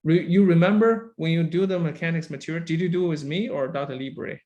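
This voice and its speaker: A man's voice: a little high, brisk, warm tone, lo-fi sound. A man lecturing a university engineering class, who keeps checking understanding with "right?" and "okay?" and praises students by name.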